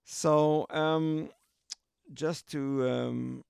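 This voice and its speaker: A man's voice: fairly high pitch, fairly even intonation, extremely slow, vocal fry, a little mellow, clear, resonant tone, no room sound, studio quality. A man podcast host casually retelling a story in a chatty, rambling way, full of filler asides.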